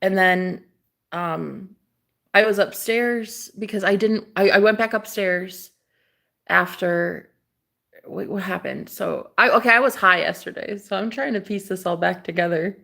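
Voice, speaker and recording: A young woman vlogger telling a story in a casual, animated way, swearing freely and acting out what people said. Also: fairly low pitch, normal speed, vocal fry.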